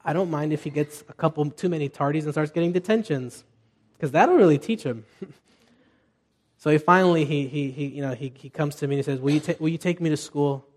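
A man's voice: fairly high pitch, fairly quick, a little mellow. A middle-aged man preaching a conversational sermon as pastor, telling family stories with restarts and asides.

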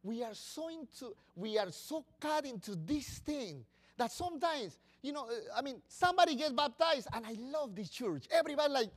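A male preacher delivers a lively sermon. His pitch rises and falls widely, moving between loud, emphatic bursts and quiet, confiding asides. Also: normal speed. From Latin America.

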